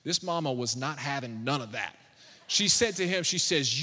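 A man's voice: fairly high pitch, lively intonation, brisk, pushed and bright, long reverb tail. A man in his thirties, a pastor preaching a sermon in a church, mixing humorous storytelling with fervent declarations. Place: church sanctuary.

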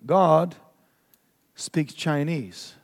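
High-voiced preacher in a reverberant hall. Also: male voice, very slow. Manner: animated, emphatic, acts out his own reactions. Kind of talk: storytelling sermon.

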